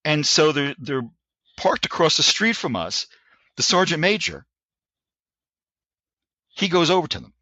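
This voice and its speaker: A man in his sixties tells a story in a bright, forceful voice, full of restarts and acted-out quotes. The recording is dry and slightly dull, like a modest podcast setup. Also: a little high, unhurried, long pauses, no room sound. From United States. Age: 60s. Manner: animated, frequent restarts, acts out quotes. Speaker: guest, Army veteran. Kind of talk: anecdotal storytelling in a podcast interview.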